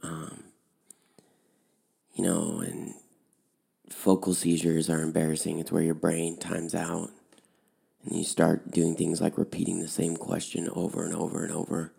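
A man who runs a high school outdoor program, telling a personal story in a relaxed, conversational way with fillers. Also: measured pace, vocal fry, pauses often, husky.

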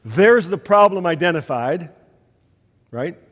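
A man's voice: sits high, animated, slow pace, fairly bright tone. A man preaching a sermon, telling stories with emphatic, rising delivery. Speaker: pastor. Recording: long hall reverb.

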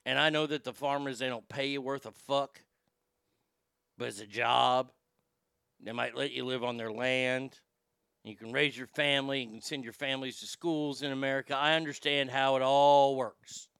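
Crude rambling man, gravelly. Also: medium pitch, steady tone, normal speed, fairly bright tone, dry recording. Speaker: comedy show host. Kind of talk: stand-up style comic monologue.

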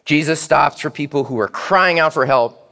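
A man preaching a sermon in church as pastor, animated and speaking directly to the children. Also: a little high, moderate pace, creaky, in a large hall.

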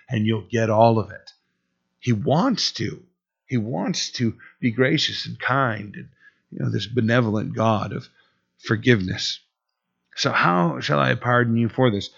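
A man's voice: medium pitch, measured pace, gravelly, a bit bright. Man, pastor preaching casually, slightly muffled lo-fi sound. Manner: conversational preaching, frequent "you know" fillers. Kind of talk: sermon.

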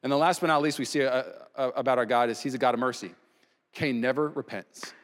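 A man preaching a sermon as pastor, emphatic, swinging between loud and hushed delivery. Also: mid-range voice, fairly even intonation, fast. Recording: long reverb from a large hall.

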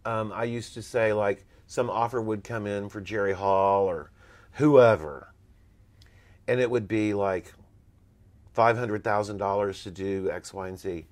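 A man's voice: on the low side, a little slow. A man, a former talent agent, telling blunt, emphatic stories as an interview guest. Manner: emphatic, blunt, animated storyteller.

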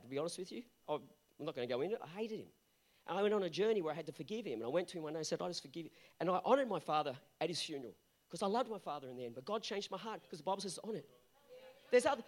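A male pastor delivering an earnest sermon that builds to emphatic peaks. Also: high-pitched.

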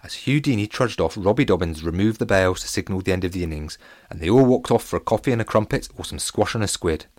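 Guy reading a kids story out loud, playful and funny, lowish voice. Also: fast talker, no room sound, studio quality. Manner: playful, animated, comic. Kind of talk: children's story narration.

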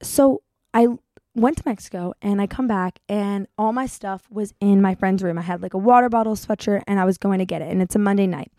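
A young woman tells a long story straight to her audience, chatty and animated, slipping into voices for the people in it. Her voice sits in an ordinary middle range. The sound is dry and close, with no room echo. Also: medium pitch, brisk. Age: young adult. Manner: chatty, animated, acts out quotes. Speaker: vlogger. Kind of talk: casual storytelling vlog.

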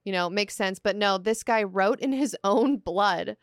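A woman co-hosting a casual podcast, reacting in an animated way and swearing freely. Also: mid-range voice, a little slow, no room sound, clean studio sound. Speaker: podcast co-host. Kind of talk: casual chat.

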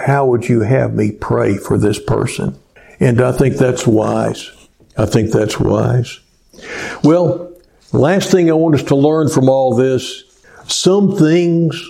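Guy preaching real slow, dark mellow voice, lets his words hang. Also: mid-range voice. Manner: slow, deliberate storytelling with pauses. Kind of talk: sermon.

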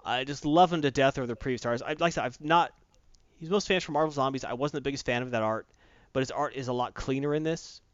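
A man hosting a comic book podcast, recapping an issue in a rambling, animated way with casual asides. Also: mid-range voice, fast talker, dry recording. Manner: rambling, animated storyteller who acts out quotes. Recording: dull lo-fi dry recording.

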